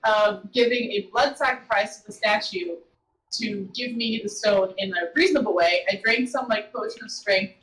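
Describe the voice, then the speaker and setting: A woman's voice: mid-range voice, normal speed, fairly bright tone, poor audio. A woman playing in a tabletop game, retelling an earlier adventure in a playful way. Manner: storytelling, playful. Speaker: player. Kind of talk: casual chat in a tabletop game.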